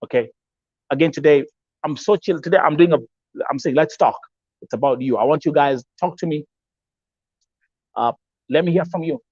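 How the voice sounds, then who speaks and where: A man's voice: fairly high pitch, moderate pace, pauses often, a little mellow, slightly rough, no room sound, muffled recording. A man from Kenya with a Kenyan English accent hosts a live-stream talk show, speaking emphatically, repeating himself, mixing in Swahili phrases and reading out viewer comments.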